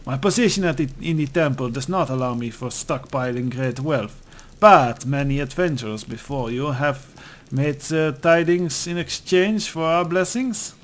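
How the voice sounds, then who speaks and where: A man voicing a proud older high priest who speaks solemnly and formally, with a rasp in his voice. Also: moderate pace, close to an everyday voice. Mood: apologetic.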